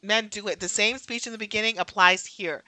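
Casting: young woman podcast co-host, bright forceful voice, dry close sound, blunt and salty. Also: medium pitch, a little fast, no echo. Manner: blunt, profane, animated storytelling. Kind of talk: casual chat.

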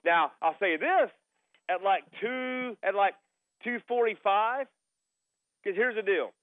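Taking it slowly in a high voice, a middle-aged man on a sports radio show shares a story during casual talk, restating things as he goes. There's no room sound, and the audio has a phone-like broadcast quality.

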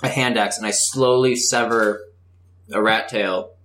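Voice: medium pitch, steady tone, a little slow, fairly bright tone, roomy sound. A player in a tabletop game, joking and swearing casually.

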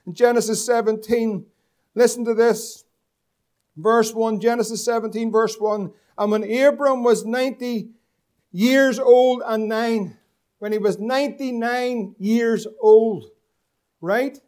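A man's voice: very high-pitched, fairly even intonation, slow, darkish tone. A man from preaching a sermon as pastor, asking the congregation questions and drawing out key words for emphasis.

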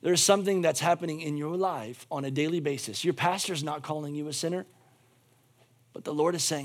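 A man preaching a sermon as pastor, moving between shouted fervor and quiet, intimate appeals, with phrases repeated for emphasis. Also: fairly high pitch, fairly quick.

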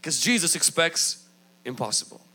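A man preaching a sermon in a high, bright voice. His delivery is emphatic and swings widely in pitch. He acts out the people he quotes. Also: big pitch swings, normal speed, breathy edge. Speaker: pastor.

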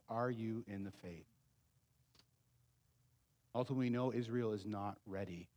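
A pastor preaches an emphatic, pleading sermon. He swings back and forth between loud, urgent passages and quiet, low asides.

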